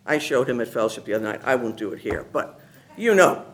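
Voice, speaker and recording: A woman giving a personal testimony to her church gathering, telling her story in an animated, enthusiastic way. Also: a bass voice, fast. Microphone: handheld mic at a gathering.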